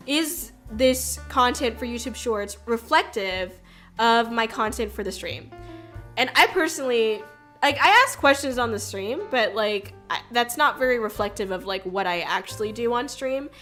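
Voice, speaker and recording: A woman's voice: a little high, sharp tone. A woman streamer talking in a casual, rambling way, full of fillers and restarts, with the odd swear word. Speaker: VTuber streamer. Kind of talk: casual chat.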